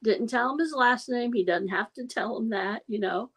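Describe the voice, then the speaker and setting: A woman's voice: on the high side, moderate pace, fairly bright tone, husky, low-quality recording. A woman hosting a casual livestream, telling rambling stories and laughing often as she chats with viewers. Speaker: livestream host. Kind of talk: casual chat.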